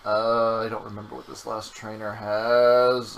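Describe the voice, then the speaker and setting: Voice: medium pitch, little pitch movement, measured pace, creaky, poor audio. A young adult game streamer in casual gameplay chat, teasing and swearing often. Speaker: game streamer playing through the game.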